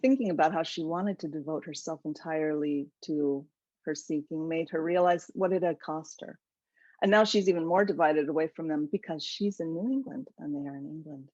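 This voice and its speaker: Woman author, animated webinar talk, low-ish voice, dull video-call sound. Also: a little fast, dry recording. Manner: animated, enthusiastic storytelling. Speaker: author presenting her book. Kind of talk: webinar lecture.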